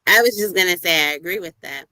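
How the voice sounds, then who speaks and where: A woman on a casual podcast chat, speaking in a measured, thoughtful way. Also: fairly low pitch, bright, forceful tone, no echo.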